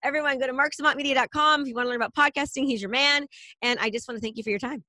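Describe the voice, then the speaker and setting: A woman's voice: sits high, rapid-fire, bright, forceful tone, no room sound. Upbeat woman hosting a podcast. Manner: upbeat and encouraging. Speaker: podcast host. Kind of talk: casual interview chat.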